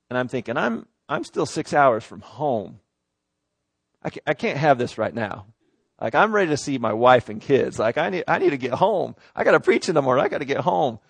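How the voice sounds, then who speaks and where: Animated preaching man, dry sound. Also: medium pitch, creaky, husky, dry recording. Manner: animated storyteller, acts out his own exasperation. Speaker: pastor. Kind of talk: sermon storytelling.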